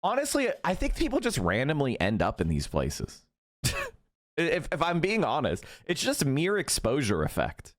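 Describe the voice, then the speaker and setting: A man's voice: fairly high pitch, wildly swooping pitch, moderate pace. A man in his thirties ranting profanely and mockingly during a live stream commentary.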